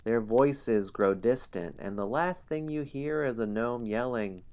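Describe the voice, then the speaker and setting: A man's voice: mid-range voice, measured pace, few pauses, smooth. A man streaming a dice game, chatting casually with viewers, reading out story passages and chuckling often. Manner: relaxed, chuckles often between lines.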